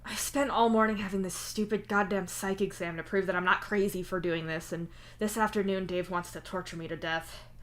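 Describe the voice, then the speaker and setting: A woman's voice: medium pitch, steady tone, brisk, close to an everyday voice. A woman voicing a sore, whiny male troll who complains dramatically. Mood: aggrieved. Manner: whining, exaggerated grumbling.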